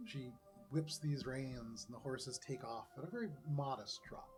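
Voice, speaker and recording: A man running a tabletop game as game master, narrating scenes in a relaxed, descriptive way. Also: mid-range voice, unhurried, over music. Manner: descriptive, relaxed, laughs often.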